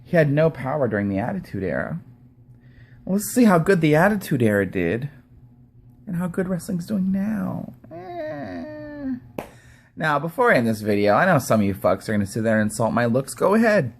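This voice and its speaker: A man's voice: medium pitch, big pitch swings, fast talker. A man ranting to camera as a commentator, angry, sarcastic and profane. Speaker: YouTube commentator. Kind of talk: profane rant vlog.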